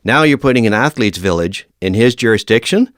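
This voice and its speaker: A man in his fifties with a low, smooth, resonant voice tells stories as a guest on a podcast. He acts out the lines of the people in his stories as he goes. The recording is close and dry, with no room echo. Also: fairly quick. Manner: lively storyteller who acts out quoted dialogue. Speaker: podcast guest, veteran firefighter. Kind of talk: casual storytelling interview.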